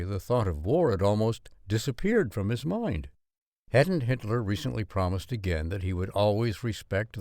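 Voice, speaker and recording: Expressive male storybook narrator. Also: on the low side, no echo, clean studio sound. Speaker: audiobook narrator.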